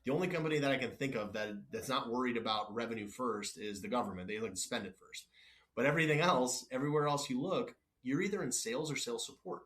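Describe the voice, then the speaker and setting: Quick-paced and slightly bright, this medium-pitched man is an executive guest on a casual podcast interview. He recounts workplace stories in a no-nonsense way, plays out both sides of conversations, keeps restarting and apologizing, and wanders from the topic.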